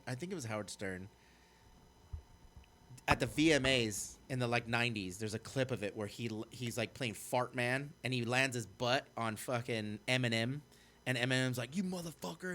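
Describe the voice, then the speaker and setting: A man's voice: mid-range voice, moderate pace, fairly bright tone. A man co-hosting a casual podcast, telling rambling stories in an earnest way and swearing as he goes. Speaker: podcast co-host.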